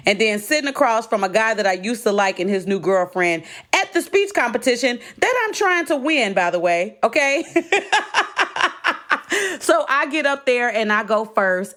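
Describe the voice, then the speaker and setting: A middle-aged woman hosting a podcast, telling a personal story to listeners in a casual, animated way with features. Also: a little high. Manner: animated, addresses listeners as y'all, laughs while telling. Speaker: podcast host.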